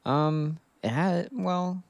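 A man's voice: high voice, very slow, no echo. A man co-hosting a podcast, chatting casually and reading fan fiction aloud while often laughing. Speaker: podcast co-host.

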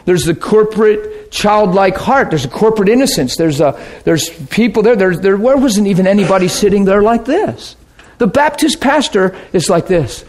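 A man preaching and telling a story to a congregation, animated and quick to laugh, with bursts of sound effects. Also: high voice. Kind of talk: sermon storytelling.

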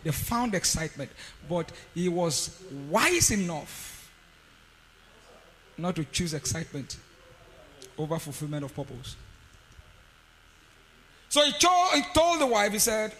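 Animated man preaching in a hall. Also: sits high, measured pace, pauses often, slight background noise. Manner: animated storytelling, swings from quiet to shouting. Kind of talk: sermon. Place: conference hall.

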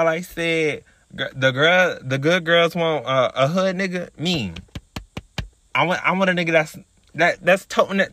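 A man's voice: a little high, pushed and bright, no echo. A man hosting a podcast, telling a story in a sassy, profane, chatty monologue. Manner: sassy, profane, chatty, calls listeners girl. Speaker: podcast host.

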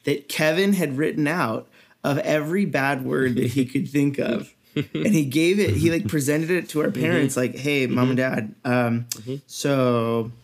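A man's voice: a little high, normal speed, creaky. A man co-hosting a podcast, chatting casually with dry, teasing jokes. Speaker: podcast co-host. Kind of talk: casual chat.

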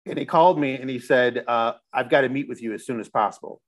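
A man's voice: mid-range voice, fast. A middle-aged man from Chicago, a musician guest telling a long story in a loose, rambling way, restarting his sentences and swearing now and then. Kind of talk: casual storytelling interview.

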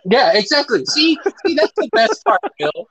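A man's voice: very high voice, very animated, moderate pace, fairly bright tone. A young man in casual podcast chat, joking crudely and swearing freely between laughs. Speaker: podcast co-host. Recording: dull lo-fi sound.

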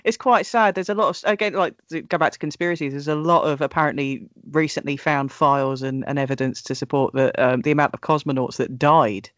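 Chatty man, slightly high voice. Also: fairly even intonation, fairly quick, few pauses, fairly bright tone, no room sound, muffled recording. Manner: chatty, laughs often, restarts and trails off. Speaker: podcast host. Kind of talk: casual podcast chat.

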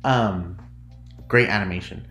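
With a low but fairly bright voice, this US podcaster chats unhurriedly in an echoey room. His solo talk is casual and rambling, punctuated by giggles and self-interruptions.

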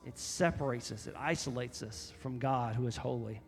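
A man preaching a sermon as pastor, emphatic and repetitive, often rising to loud, high exhortation. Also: normal speed, creaky, long reverb tail, soft background music.

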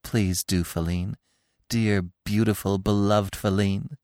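A man's voice: on the high side, big pitch swings, measured pace, vocal fry, no room sound, clean studio sound, pitched above the performer's own voice, exaggerated voice. A man reading a storybook and voicing a young male deer who pleads eagerly. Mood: pleading.

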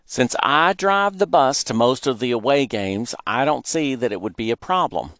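A man voicing a brisk, sensible farm mother who speaks in a matter-of-fact, firm way. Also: medium pitch, lively intonation, fairly bright tone, no room sound, clean studio sound, voice pushed up, natural voice.

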